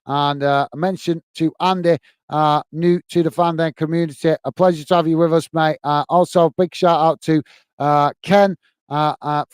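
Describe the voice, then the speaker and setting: A man's voice: fairly high pitch, clear, resonant tone, dry recording. A tired man hosting a football live stream, reading viewer comments and signing off friendly with lots of fillers. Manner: friendly, repetitive sign-offs, many fillers. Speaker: football channel host.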